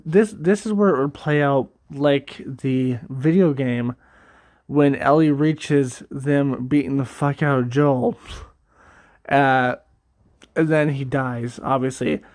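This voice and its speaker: A man's voice: fairly high pitch, a little mellow, dry recording, studio quality. A man casually rambling about a game story, cursing and laughing often as he goes. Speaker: gaming video creator.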